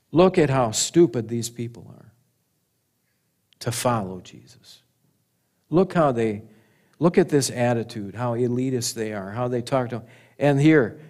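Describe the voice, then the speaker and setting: A man preaching a sermon, animated, asking rhetorical questions and chuckling at his own points. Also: fairly high pitch. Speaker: pastor.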